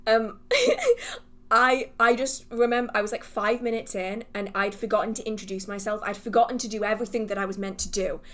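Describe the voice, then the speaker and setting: A woman's voice: mid-range voice, steady tone, fairly quick, fairly bright tone. A woman hosting a livestream Q&A, chatting casually with viewers, laughing often and restarting her sentences as she rambles in a self-deprecating way. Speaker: livestream host answering viewer questions.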